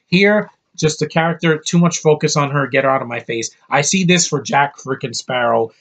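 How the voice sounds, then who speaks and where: A man's voice: on the high side, normal speed, fairly bright tone. A man giving a casual spoken movie review, blunt and rambling, with profanity and frequent restarts.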